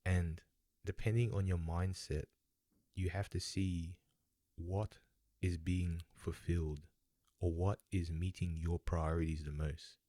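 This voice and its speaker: A man's voice: sits low, dark tone, no room sound. A young man giving a rambling, self-questioning monologue about a quote in a laid-back way. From Australia. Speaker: vlogger. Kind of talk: casual musing monologue.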